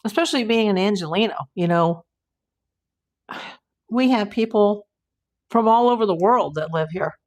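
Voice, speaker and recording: A woman's voice: mid-range voice, normal speed, long pauses. A woman, a private investigator, hosting a casual live stream from home and chatting as she answers viewer comments aloud.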